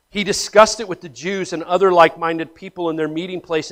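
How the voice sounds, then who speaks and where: Male pastor, slightly higher voice, blunt slangy sermon delivery, swings between hushed and loud. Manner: blunt, slangy, calls listeners man and guys.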